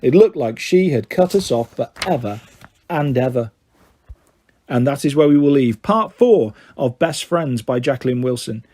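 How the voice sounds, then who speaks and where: A man's voice: mid-range voice, lively intonation, moderate pace, warm tone, husky. Man reading a children's story. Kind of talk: reading a children's book aloud.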